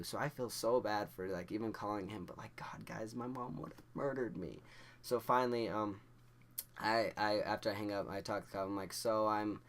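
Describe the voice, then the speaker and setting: A young man from Idaho tells a personal story straight to his audience, often stammering and restarting as he acts out what others said. His voice sits deep and low. A faint hiss of noise runs behind him. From Idaho, USA. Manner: rambling, stammering restarts, acts out quoted dialogue. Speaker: vlogger. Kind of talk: casual storytelling to camera.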